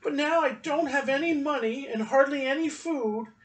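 Small earnest village boy, high and plaintive, played by a man. Sounds a bit far from the mic. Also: sing-song, takes it slowly, fairly bright tone, exaggerated voice. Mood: despairing. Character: poor little boy, earnest and hopeful.

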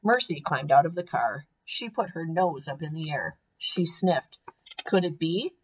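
Teacher reading to kids, expressive, low husky voice. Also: female voice, a little slow, low-quality recording. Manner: clear, expressive storytelling. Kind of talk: storybook read-aloud for children.

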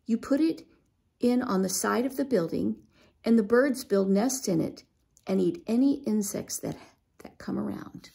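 A woman reading aloud as an excited, impatient little boy, with a gravelly, husky voice. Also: medium pitch, measured pace, heavily acted. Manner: eager and impatient.

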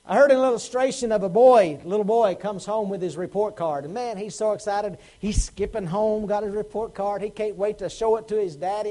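A man's voice: high voice, brisk, hardly any pauses, mellow, low-quality recording. A man preaching a Sunday sermon as pastor, asking the congregation pointed questions and acting out quotes. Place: church sanctuary.

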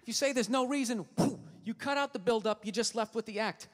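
A man's voice: very high-pitched, fairly quick. A man performing a stand-up comedy routine, ranting with exasperated, profane frustration. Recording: live stage recording in a large hall.

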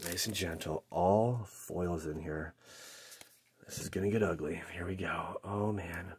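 A man hosting a casual card pack-opening video, joking to himself and shouting when he pulls a good card. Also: low voice, a little slow, slightly rough. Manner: excitable, jokey, shouts at big pulls. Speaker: card-opening channel host.

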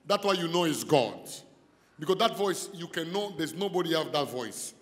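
A man's voice: a little high, animated, moderate pace, big-room sound. A man preaching a deliverance sermon in broken English. He talks straight to one listener and keeps asking if she is with him. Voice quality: non-native English with broken grammar. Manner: preaching with sudden shouted calls and repeated questions to the listener. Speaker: pastor.

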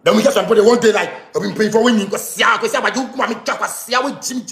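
Ranting Ghanaian man, high gravelly voice. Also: racing, echoey room, soft background music. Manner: ranting, switching between Twi and pidgin, shouting often. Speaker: musician speaking to fans. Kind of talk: animated live-stream rant.

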